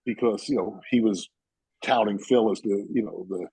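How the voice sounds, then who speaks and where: A man's voice: on the low side, normal speed, darkish tone, breathy edge, no room sound, rough recording. A man in his sixties from New York, a guest telling rambling stories full of "you know" and "uh". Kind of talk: casual storytelling chat.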